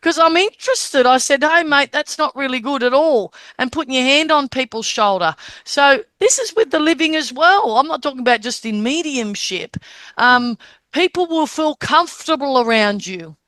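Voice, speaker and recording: An Australian woman with a fairly high voice teaches a group on a call. She tells lively stories and acts out what people said. The sound is dry and close. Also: moderate pace, no echo. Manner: animated storytelling, acts out quoted dialogue. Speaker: medium and teacher.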